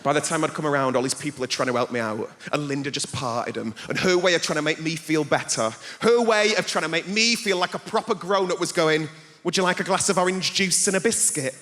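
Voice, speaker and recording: High-voiced young man telling stand-up stories. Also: brisk, few pauses. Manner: animated, jumps between voices in his story. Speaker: stand-up comedian. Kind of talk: stand-up storytelling. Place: large theatre stage. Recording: live theatre with long reverb. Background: audience laughter.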